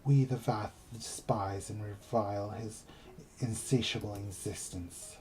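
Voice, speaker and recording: A man reading aloud as a formal insect-tribe elder in a video game, using a put-on British accent and a slow, stately delivery. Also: fairly low pitch, steady tone, a little mellow, close to an everyday voice, rough recording. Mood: solemn.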